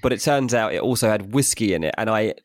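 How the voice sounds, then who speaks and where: British man, low voice, dry sound. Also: expressive, quick pace, no echo. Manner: chatty anecdotal storytelling, matey and self-mocking. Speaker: podcast co-host. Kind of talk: casual chat.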